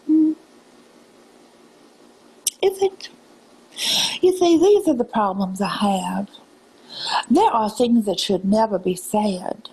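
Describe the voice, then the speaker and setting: A woman in a put-on Southern drawl lecturing viewers on a live stream, scolding them and calling them ma'am and darling, often dropping into breathy half-whispers. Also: mid-range voice, lively intonation, slow pace, pauses often, mellow, poor audio.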